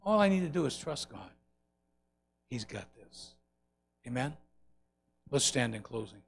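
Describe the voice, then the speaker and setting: A man preaching a sermon and leading a closing prayer, swelling loud on key lines and dropping soft between them. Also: mid-range voice, sing-song, a little slow, vocal fry, a little hiss or hum. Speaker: pastor. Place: church sanctuary.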